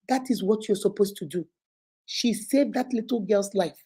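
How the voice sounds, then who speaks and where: A woman's voice: mid-range voice, moderate pace, slightly rough, low-quality recording. A woman in her thirties with a Nigerian accent, hosting a casual advocacy talk and telling stories animatedly, acting out the people she quotes. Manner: animated storytelling, acts out quoted voices. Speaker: vlog host.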